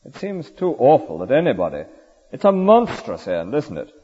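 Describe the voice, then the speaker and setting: A man's voice: mid-range voice, wildly swooping pitch, normal speed, mellow, slightly rough. A man preaching a sermon in an earnest, rhetorical way, often ending points with tag questions. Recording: dull lo-fi recording with long hall reverb.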